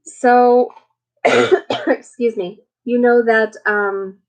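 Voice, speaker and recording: Slow-talking chatty woman live-streaming. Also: a little high, fairly even intonation, muffled recording. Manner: chatty, rambling, with many fillers and laughs. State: recovering from illness, emotional. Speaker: livestream host. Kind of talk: casual live chat with viewers.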